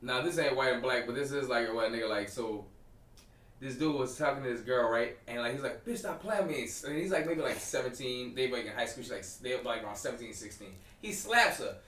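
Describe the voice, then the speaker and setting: A man co-hosting a podcast in casual chat, an animated storyteller who acts out the people he quotes. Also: medium pitch, fairly quick, roomy sound, distant mic. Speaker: podcast co-host.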